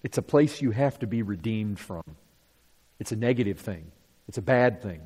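A man's voice: lowish voice, animated, normal speed, warm tone, slightly rough. A man teaching from the Bible to an audience, emphatic, asking rhetorical questions and repeating his points. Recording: long hall reverb.

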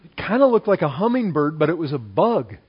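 A male preacher with a high-set voice delivers a sermon. His delivery is animated and jumps from loud exclamation to soft aside. The recording is slightly muffled and lo-fi. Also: fairly quick, husky.

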